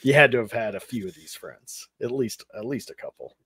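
A man's voice: mid-range voice, expressive, brisk, a bit bright, breathy edge. A married man chatting as a podcast guest, easygoing and joking, often laughing. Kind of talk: casual podcast chat.

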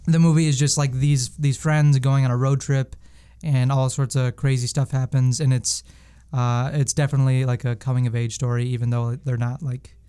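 Young male co-host, clear smooth voice, loose rambling delivery full of fillers. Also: mid-range voice, little pitch movement, normal speed, few pauses, dark tone. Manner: rambling, many fillers and restarts. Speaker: podcast co-host. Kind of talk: casual movie-review chat.

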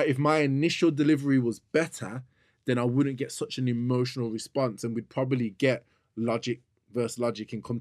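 A man's voice: medium pitch, no echo, studio quality. A young man, co-hosting a podcast, arguing his case insistently and repeating himself over his partner. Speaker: podcast co-host. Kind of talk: heated casual argument.

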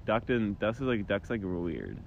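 A man's voice: fairly low pitch, big pitch swings, normal speed, gravelly, dull audio. A young man chatting crudely and playfully with a friend while they film a vlog. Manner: laid-back, crude, playful. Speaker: vlogger. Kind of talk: casual joking chat with a friend.

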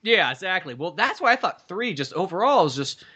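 A man's voice: high voice, a little fast, breathy edge. A man co-hosting a podcast, ranting about movies in casual chat with lots of swearing. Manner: profane, animated movie ranting. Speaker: podcast co-host.

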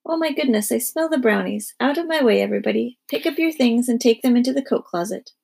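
A woman voicing a patient but weary mother of four, brisk and soothing. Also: on the high side, expressive, gravelly, a little mellow, husky, heavily acted.

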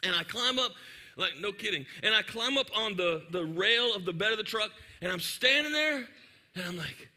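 Animated, bright-voiced preacher. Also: male voice, sits high, quick pace. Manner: animated, joking, talks directly to the audience. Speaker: pastor. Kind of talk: sermon storytelling.

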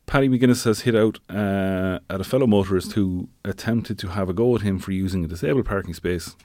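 A man with a very low voice, chatting casually as a co-host, dropping wry asides between fillers. The sound is dry and close, with no room echo. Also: brisk, warm tone. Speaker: podcast co-host. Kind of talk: casual chat.

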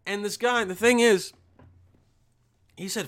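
A man's voice: high-pitched, steady tone, slow. A young man who works a motel front desk, telling a rambling, sarcastic work story full of swearing. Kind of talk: casual profane storytelling rant.

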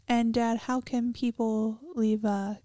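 Young woman cohost wrapping up the show, soft mellow voice, polite. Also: fairly high pitch, level tone, takes it slowly, no room sound, studio quality. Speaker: podcast co-host. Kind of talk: podcast outro.

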